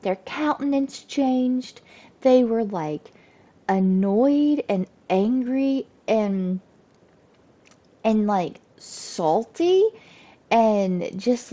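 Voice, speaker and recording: Chatty mom vlogger, mellow voice. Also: female voice, on the high side, lo-fi sound. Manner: chatty, animated, lots of "like" fillers. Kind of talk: casual storytelling to camera.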